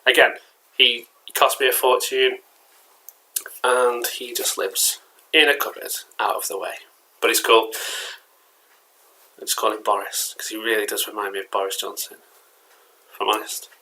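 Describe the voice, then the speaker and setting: This English collectibles vlogger speaks at a moderate pace with long pauses, his medium-pitched, sharp voice showing little pitch movement. He chats casually indoors at home, rambling with frequent fillers and restarts, and the audio is poor.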